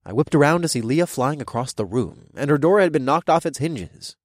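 Guy reading a first-person audiobook story, lively up-and-down voice, super dry close mic. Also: on the high side, fairly quick, no echo. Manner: expressive, animated reading. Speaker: audiobook narrator.

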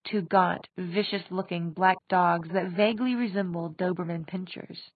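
Low-voiced woman narrating an audiobook. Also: fairly even intonation, normal speed, dry recording. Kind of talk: scripted narration. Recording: dry tinny phone-like sound.

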